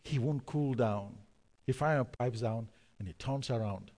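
A man preaching a sermon through a story, emphatic, repeating key words and pausing on fillers. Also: medium pitch, lively intonation, darkish tone, big-room sound.

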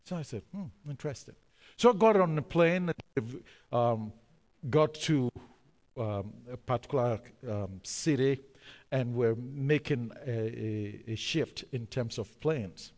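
A man preaching a sermon through a story, emphatic, repeating key words and pausing on fillers. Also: medium pitch, lively intonation, a little mellow, long reverb tail.

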